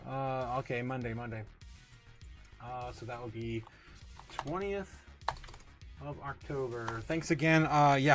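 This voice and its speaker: A man hosting a casual livestream, reading viewer comments aloud, laughing often and getting excited, full of drawn-out fillers. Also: mid-range voice. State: tipsy, recovering from a night of drinking. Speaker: livestream host.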